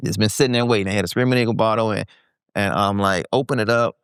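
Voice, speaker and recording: A man in his forties with a smooth, resonant voice that sits a little low. He tells a candid story as a podcast guest and slips into animated impressions of the people he quotes. The sound is dry and close, with no room around it. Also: fast talker, dry recording. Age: 40s. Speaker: guest entrepreneur.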